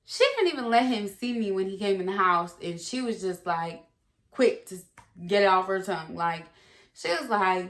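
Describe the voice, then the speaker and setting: A woman's voice: medium pitch, measured pace. Candid, profane young woman telling a story. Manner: candid, profane, rambling with fillers. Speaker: vlogger. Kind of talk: casual storytime. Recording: echoey room.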